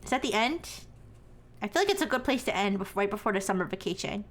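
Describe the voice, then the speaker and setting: A woman's voice: medium pitch, expressive, fast. A woman streamer reading a visual novel aloud and reacting to it in a playful, giggly way.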